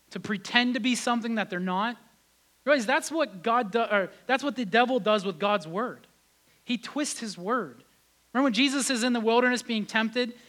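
High, bright-voiced man preaching a sermon. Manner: animated preaching, rising loud on emphasis, dropping quiet for reflection; acts out biblical voices in his telling. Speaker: pastor.

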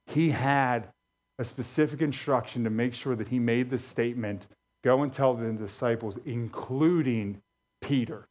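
A male pastor preaching a sermon, animated and emphatic, repeating key phrases for effect. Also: medium pitch.

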